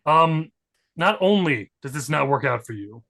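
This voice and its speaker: A man's voice: a little high, lively intonation, normal speed, gravelly, fairly bright tone. A man narrating as game master in a tabletop game, chatty and loose, with plenty of fillers.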